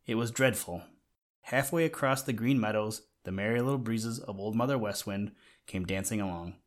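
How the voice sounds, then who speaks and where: A man reading a children's storybook aloud in a gentle way, talking to the listener now and then. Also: lowish voice, normal speed. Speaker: narrator.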